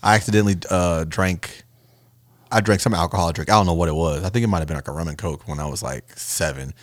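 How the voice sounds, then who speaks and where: A man chatting casually with friends, telling stories in an animated way and swearing freely. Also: deep voice, fast talker, no echo, studio quality. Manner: animated storyteller, swears freely, bursts into loud laughter. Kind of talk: casual chat among friends.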